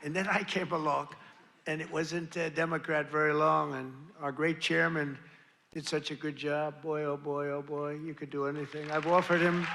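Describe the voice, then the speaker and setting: An older political speaker addresses a crowd at a rally, boasting, repeating points and rambling into asides, with the audience audible. His voice is fairly high and gravelly, at a moderate pace.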